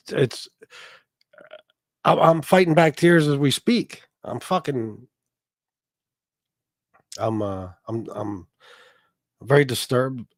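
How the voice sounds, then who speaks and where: A man's voice: mid-range voice, no echo, studio quality. Profane rambling man on a livestream. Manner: profane, rambling, mock-heartbroken; reads out and greets chat members. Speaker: livestream host. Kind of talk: casual livestream chat. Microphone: desk microphone.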